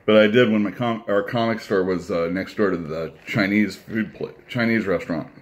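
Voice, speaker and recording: A man's voice: on the low side, normal speed. A man who owns a comic shop, giving a casual, rambling, blunt review while he eats.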